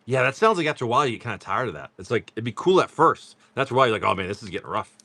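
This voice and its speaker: A man's voice: mid-range voice, very animated, racing, sharp tone, no room sound. A man chatting casually on a live stream, joking with viewers while he reads off cards. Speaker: card-break livestream seller.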